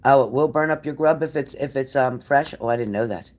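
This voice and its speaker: A woman's voice: rumbling low, fairly quick, darkish tone. A woman hosting a casual livestream, blunt and sassy, cursing freely as she answers viewer comments. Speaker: livestream tarot reader.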